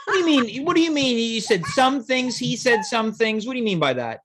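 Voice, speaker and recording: A man's voice: extremely high pitch, lively intonation, background noise. Teasing male talk show host. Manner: teasing, quick to interject. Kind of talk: casual comedic interview.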